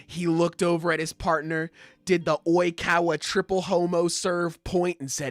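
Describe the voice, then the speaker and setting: A man's voice: sits high, a little slow, a bit bright, no echo, soft background music. A young man hosting a podcast, chatting casually and acting out scenes with swearing and laughter. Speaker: podcast host. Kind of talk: casual chat.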